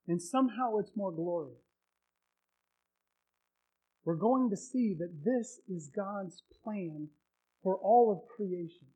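A male pastor preaching a sermon, retelling a story with emotion and building to loud, heartfelt peaks. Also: high voice, takes it slowly, pauses often, poor audio.

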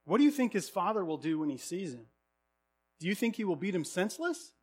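A snide small-town busybody, as a man puts the voice on, chattering in a scandalized tone. The voice sits well above the narrator's own and comes out loud and sharp. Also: high-pitched, big pitch swings, fairly quick, pitched above the performer's own voice.

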